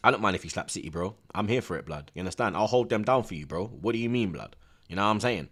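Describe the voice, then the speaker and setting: A man's voice: fairly low pitch, fast talker. Slang-heavy man hosting a watchalong. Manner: animated slang-heavy banter, shouting on big moments. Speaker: streamer hosting a live match watchalong. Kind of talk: live football watchalong commentary.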